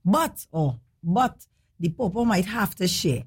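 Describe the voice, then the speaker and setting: A woman's voice: medium pitch, big pitch swings, measured pace. A woman with a Trinidadian accent hosting a casual live stream, chatting playfully with viewers in dialect.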